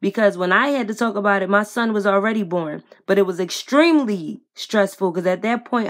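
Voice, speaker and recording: A woman vlogger giving a blunt, profane, heated commentary to camera, speaking straight to the person she criticizes and to her viewers in slangy casual talk. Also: medium pitch. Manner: addresses viewers directly, slangy.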